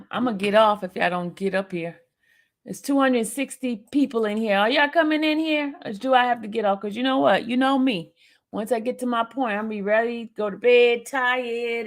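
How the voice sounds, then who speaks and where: A tearful woman hosting a live stream, pleading with listeners to come up and talk. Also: a little high. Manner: pleading, urging listeners to join. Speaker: livestream host.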